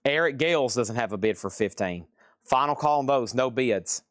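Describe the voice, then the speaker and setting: A man's voice: mid-range voice, expressive, moderate pace, a bit bright, dry recording, studio quality. A man hosting a live record sale in rambling, self-mocking casual chat, sounding tired and worn out. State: tired and aching. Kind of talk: casual livestream selling chat.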